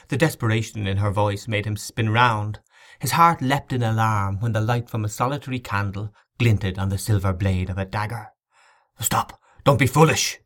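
A man narrating an audiobook novel in a measured, dramatic reading. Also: fairly low pitch, a bit bright.

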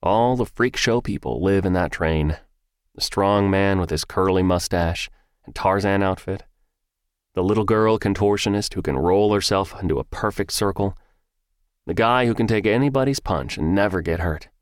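Deep voiced guy reading an audiobook, first person, steady and even, super dry recording. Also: no room sound. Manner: measured, even storytelling. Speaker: narrator.

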